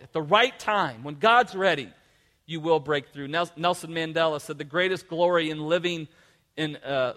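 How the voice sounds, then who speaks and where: Male pastor, emphatic motivational sermon, bright tone. Reverberant church hall with a soft band behind him. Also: on the high side. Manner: emphatic, motivational, repeats words when restarting.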